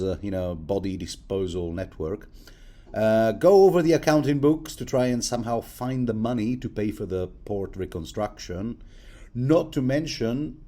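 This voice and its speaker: Rambling man chatting through a book, stammers and chuckles, lowish mellow voice. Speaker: book commentator. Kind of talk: rambling casual commentary.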